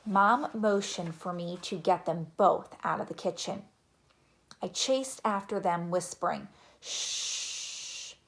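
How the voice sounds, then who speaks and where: A woman narrating a children's chapter book in a gentle, even reading voice. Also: on the low side, vocal fry. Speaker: audiobook narrator. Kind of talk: storybook narration.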